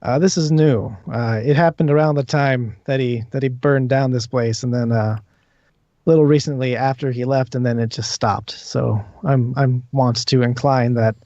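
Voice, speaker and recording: A man's voice: mid-range voice, fairly even intonation, normal speed, dark tone, no echo, natural voice. A man puts on a dwarf grave digger who brags about his trade and rambles, his grammar slipping as he goes. The sound is dry and muffled, like stream audio. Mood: rambling. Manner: rambling, folksy, bungled grammar.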